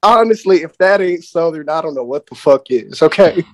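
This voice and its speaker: A man's voice: a little high, expressive, moderate pace, slight background noise. A man in casual chat, rambling and profane, often restarting his sentences.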